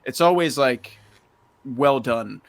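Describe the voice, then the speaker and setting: Guy guesting on a movie podcast, mid pitch, chill but opinionated, swears here and there. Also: slow, no echo. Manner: opinionated, loose, swears casually. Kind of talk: casual film podcast chat.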